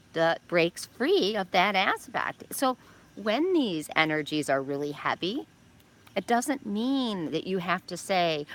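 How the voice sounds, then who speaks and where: A woman's voice: mid-range voice, a bit bright. An older woman talking outdoors, giving a casual, encouraging weekly astrology message with rambling fillers. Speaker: astrology vlogger.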